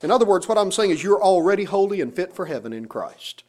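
A man's voice: sits high, big pitch swings, quick pace, a little mellow. A middle-aged man, a pastor, preaching a sermon with rising emphasis and pointed rhetorical questions.

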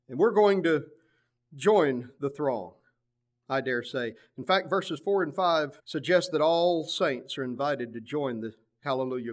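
A man preaching a sermon, quoting King James scripture and swinging from loud climbs to low quiet drops. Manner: preaching cadence, swelling louder and dropping low on scripture.

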